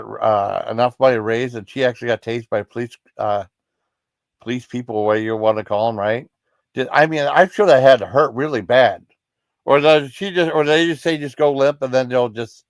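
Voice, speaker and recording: A man's voice: mid-range voice, no echo. Dry, rambling male livestream host. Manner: rambling, apologetic, reassuring, full of restarts. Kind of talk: casual livestream chat with viewers.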